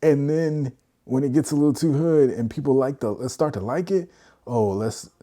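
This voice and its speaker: A man holds forth in a loose, animated rant on a live stream. His voice sits low and mellow, and he keeps breaking into mocking impressions when he quotes other people. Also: fast. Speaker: streamer host. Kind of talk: casual wrestling commentary on a live stream.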